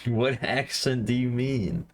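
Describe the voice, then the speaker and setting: A male streamer talks casually while drawing, answering his chat. His delivery is mumbling and self-deprecating, at an everyday mid pitch. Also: fairly even intonation, takes it slowly, slight background noise.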